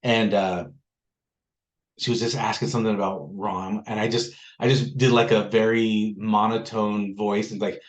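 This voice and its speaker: A man hosting a notary meetup leads a casual group discussion, telling jokey stories and asking for questions. His lowish voice is steady and fairly quick, and the audio sounds dull.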